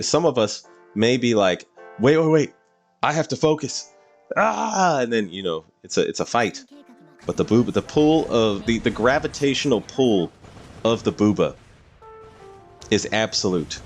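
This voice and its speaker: A man's voice: on the low side, moderate pace, soft background music. A man streaming a game live, chatting casually in a rambling storytelling way and often laughing.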